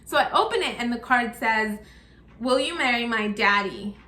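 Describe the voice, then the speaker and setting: Chatty young woman, bright and echoey. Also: fairly high pitch, lively intonation, normal speed. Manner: chatty, acts out quoted dialogue in her retelling. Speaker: vlogger. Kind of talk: casual storytelling vlog. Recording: echoey room.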